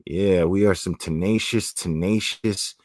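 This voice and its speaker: A man's voice: low-pitched, unhurried, darkish tone, no room sound, studio quality. A man from South Florida with a South Florida accent, chatting casually on a livestream and answering comments in a rambling, profane way with many restarts. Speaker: streamer.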